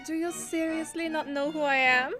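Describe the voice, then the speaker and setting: A woman's voice: high-pitched, fairly even intonation, moderate pace, pushed and bright, soft background music. A woman voicing a snobbish female troll artiste with a put-on French accent, drawling and self-important in a live fan dub. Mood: haughty. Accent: attempted French.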